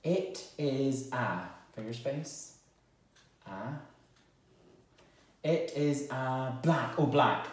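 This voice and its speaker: Slow, lively phonics teacher, echoey room. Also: male voice, medium pitch. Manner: slow, sounding out words and praising children. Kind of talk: home-learning phonics lesson.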